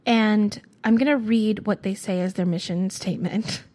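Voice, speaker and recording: A chatty woman co-hosting a podcast, talking casually with a friend. Her voice is husky, and she laughs easily and slips into playful little voices mid-story. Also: medium pitch, steady tone, normal speed, a little mellow. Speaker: podcast co-host. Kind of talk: casual chat.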